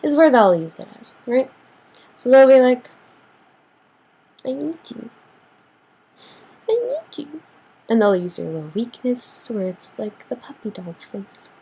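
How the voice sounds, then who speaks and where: A young woman ranting casually to the camera in a sassy, animated way, acting out what people say with big jumps in pitch. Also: moderate pace, husky, poor audio. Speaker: vlogger.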